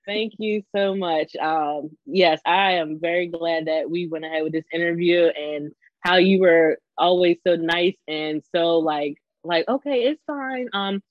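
A woman's voice: lowish voice, steady tone, measured pace, hardly any pauses, dry recording, muffled recording. A young adult woman co-hosting a podcast, chatting effusively with a guest, laughing often and acting out what people said. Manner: chatty and effusive, frequent laughs and quoted asides. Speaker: podcast co-host. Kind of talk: casual podcast chat.

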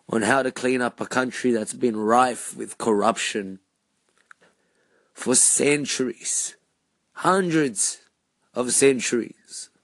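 Slow, measured man, dry sound. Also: medium pitch, no room sound. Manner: slow, measured, repeated rhetorical questions. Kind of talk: personal monologue.

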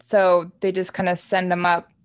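A woman in her thirties from the American South co-hosting a podcast, animated and swearing casually. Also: on the low side, normal speed. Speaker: podcast co-host.

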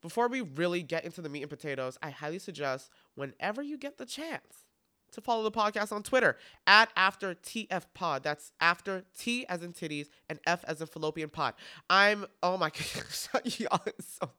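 A man's voice: high voice, lively intonation, a little fast, bright, forceful tone, clear, resonant tone. A man in his twenties hosting a solo podcast, talking in a sassy, campy, profane way. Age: 20s. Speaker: podcast host.

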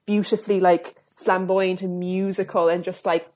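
A woman with a slightly low voice rambles on a podcast, circling back on her words and swearing casually. She sounds loose and conversational. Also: flat delivery, normal speed, darkish tone. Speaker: podcast co-host.

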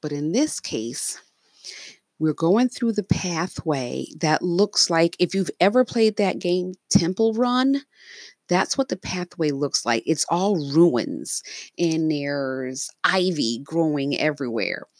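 A woman's voice: low-pitched, expressive, slow, a little mellow, no room sound. A woman casually narrating her dreams, rambling with fillers and restarts. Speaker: storyteller.

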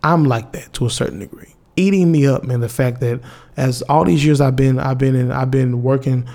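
Young guy rambling to his viewers, candid, lots of slang and restarts, mid-pitched voice. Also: moderate pace, warm tone. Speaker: vlogger. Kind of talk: casual heartfelt monologue to viewers.

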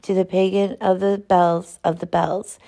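A woman reads a poem aloud with a gravelly, mellow voice. Her delivery is measured and rhythmic. She slows down and lingers over repeated words. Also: fairly low pitch, level tone. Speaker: poetry reader. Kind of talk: poetry recitation.

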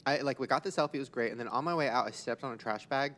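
A man's voice: medium pitch, very fast, fairly bright tone, slight background noise. A young man hosting a casual podcast chat, laughing often and swearing freely. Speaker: podcast host.

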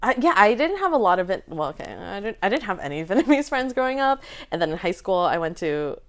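A young woman from Vancouver chats casually, lively and quick to laugh. Her pitch swoops widely as she talks, with frequent restarts as she gathers her thoughts. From Vancouver, Canada. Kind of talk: casual chat.

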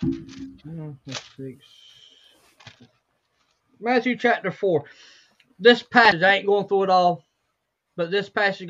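A hoarse woman with a cracking voice leads a fervent Bible study, repeating phrases and asking rhetorical questions. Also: medium pitch, lo-fi sound.

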